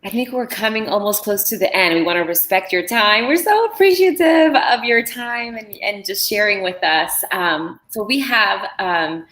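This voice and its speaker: A woman's voice: mid-range voice, normal speed, few pauses, fairly bright tone. Gracious woman interviewer, echoey room. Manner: gracious, appreciative. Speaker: co-host, interviewer. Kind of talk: interview questions.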